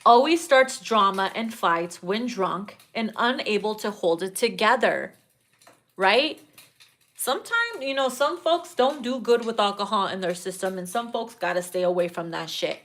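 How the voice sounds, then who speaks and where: A woman's voice: medium pitch, animated, normal speed, fairly bright tone. A young adult woman giving a casual tarot reading, sassy and profane, often breaking into laughter at her own jokes. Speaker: tarot reader.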